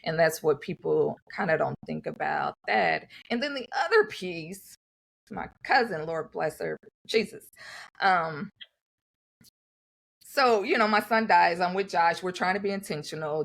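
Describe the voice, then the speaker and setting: With a lowish voice, vocal fry, and a normal pace, this woman co-hosts a podcast full of candid conversational storytelling. She's animated and quotes others' remarks to her by acting them out.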